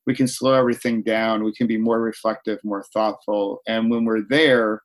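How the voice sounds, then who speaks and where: A man's voice: lowish voice, flat delivery, moderate pace. Reflective male podcast guest. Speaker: podcast guest, author and speaker. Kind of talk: casual interview chat.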